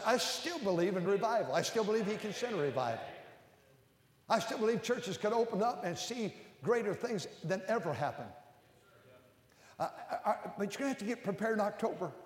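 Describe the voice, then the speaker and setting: An older man preaching a sermon as a pastor. He climbs to loud, emphatic peaks and then drops low and close. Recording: echoey hall with long reverb.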